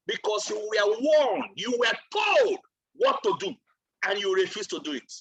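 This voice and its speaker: A man's voice: high voice, very animated, a little slow, a bit bright, breathy edge, rough recording. A man giving a motivational training talk like a sermon, emphatic and repetitive. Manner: emphatic and repetitive, asks for water mid-talk. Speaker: trainer and speaker.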